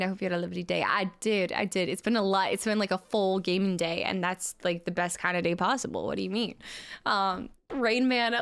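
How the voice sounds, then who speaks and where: A woman's voice: a little high, smooth. A woman game streamer chatting casually on a live stream, greeting viewers by name as she goes.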